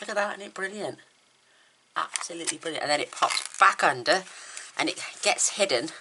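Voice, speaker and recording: A woman with a deep, pushed, bright voice rambles chattily and enthusiastically through a casual tutorial on a papercraft card, her mouth still numb from the dentist. There's slight background noise.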